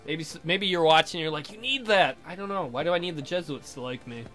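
A man's voice: fairly high pitch, quick pace, a bit bright, soft background music. A young man giving casual, joking commentary over a pirate video game, with crude, playful asides. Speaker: let's play gamer.

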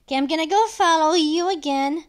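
A woman in her thirties playing a video game with her child, giving animated, exclamation-filled commentary. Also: extremely high pitch, fairly quick. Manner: animated, frequently exclaiming and calling for help. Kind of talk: excited gameplay commentary.

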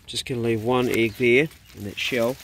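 Middle-aged kiwi bloke vlogging on the farm, chatty, birds and animals around him. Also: male voice, mid-range voice, steady tone, normal speed, background noise. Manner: chatty, coaxing talk to his dogs and ducks. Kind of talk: casual farm vlog talk. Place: outdoors on a rural farm.

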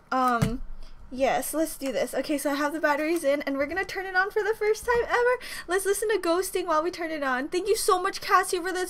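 A young woman chatting excitedly at home as a reaction vlogger, flustered and rambling, often restarting her sentences. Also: high-pitched, slight background noise. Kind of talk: excited casual vlog chat. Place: home room.

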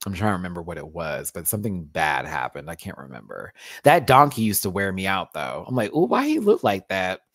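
A man's voice: sits low, sing-song, brisk, fairly bright tone, dry recording, studio quality. A man hosting a casual live-stream chat, sassy and campy, laughing often and using playful slang. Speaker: host.

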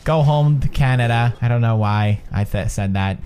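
A young Swedish-accented man commentates on the video game he's playing, his fairly low voice running a little fast with hardly any pauses over slight background noise. Excitable and jokey, he swears, mutters to himself, and yelps when things go wrong.

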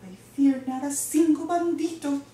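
A woman's voice: high voice, normal speed, warm tone, slight background noise, pitched above the performer's own voice, close to an everyday voice. A woman voicing a brave young kitten posing as a sword-fighting dog, dramatic and sprinkling Spanish words, in a storybook read-aloud. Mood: bold. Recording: echoey room, distant mic.

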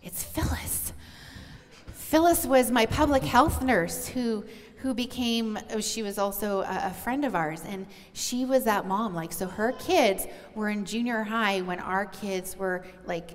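A woman's voice: medium pitch, unhurried. Middle-aged woman, earnest conversational preacher addressing moms, voice ringing in a big hall. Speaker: pastor's wife sharing on stage. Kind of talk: conversational sermon. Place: church auditorium. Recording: long church hall reverb.

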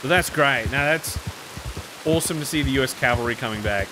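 A male streamer voicing his sheriff character and chatting with viewers, excitable and full of exclamations. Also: medium pitch, a little fast, noisy background. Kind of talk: in-game role-play and stream commentary.

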